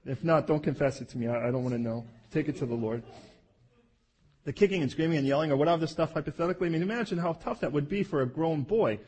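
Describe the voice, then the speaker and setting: A man preaching a sermon, telling the scripture story with animated asides and playful acted-out voices. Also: a little high, fast talker, husky.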